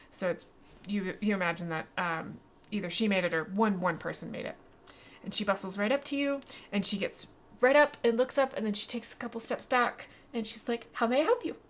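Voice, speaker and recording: A woman running a tabletop game as game master, narrating scenes in a lively, animated way. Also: medium pitch, moderate pace. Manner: lively, animated, voices many characters.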